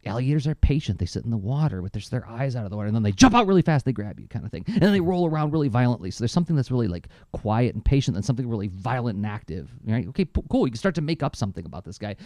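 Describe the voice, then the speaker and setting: Man, middle-aged, podcast co-host, animated storyteller, warm tone, dry close sound. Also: very fast, few pauses, no echo. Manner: animated, enthusiastic storyteller with lively pitch jumps. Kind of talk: casual chat.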